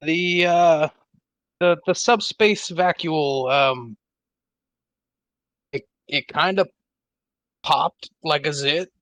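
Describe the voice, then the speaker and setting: A man's voice: on the high side, steady tone, fairly quick, few pauses, sharp tone, smooth, no echo. A man voicing a confused male starship security chief who stammers and hesitates.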